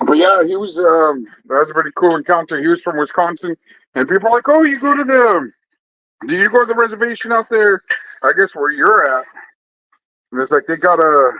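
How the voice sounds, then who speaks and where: A man's voice: fairly high pitch, bright, forceful tone, no room sound, highs cut off. A man chatting casually with his viewers in a loose, rambling way, swearing freely and trailing off into fillers and restarts.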